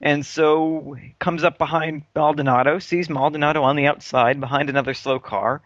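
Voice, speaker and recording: A man from the United States co-hosting a casual motorsport podcast, talking in an animated, opinionated way with frequent restarts. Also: fairly high pitch, normal speed, no echo. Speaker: podcast co-host. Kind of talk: casual chat. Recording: muffled, dry lo-fi.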